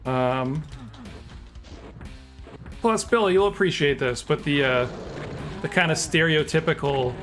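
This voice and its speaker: A man streaming a game live, chatting casually and self-deprecatingly while reacting aloud to the action and answering chat. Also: mid-range voice. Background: game music.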